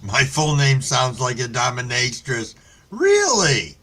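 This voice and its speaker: A man's voice: mid-range voice, huge pitch swings, slow pace, fairly bright tone. A man hosting a live stream, chatting casually with viewers in a laid-back, rambling way and swearing freely while stoned. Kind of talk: casual chat reading viewer comments.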